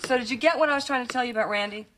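A woman's voice: a little high, rapid-fire, heavy background noise, close to an everyday voice. A woman playing a wry, patient sitcom mom. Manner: dry, wry, reassuring. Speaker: mother. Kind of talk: sitcom acting.

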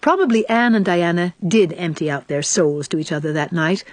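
Audiobook narrator, female; expressive classic-novel reading, lower voice. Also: normal speed, no room sound.

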